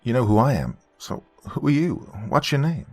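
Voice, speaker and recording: A man's voice: medium pitch, big pitch swings, normal speed, no echo, voice pushed up. A man voicing a young, nervous Army private who talks eagerly and stammers. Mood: excited.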